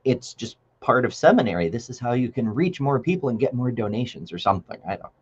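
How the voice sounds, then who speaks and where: A man's voice: mid-range voice, animated, fast talker, breathy edge. Hesitant man on a dull mic. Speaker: debate review co-host. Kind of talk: casual chat.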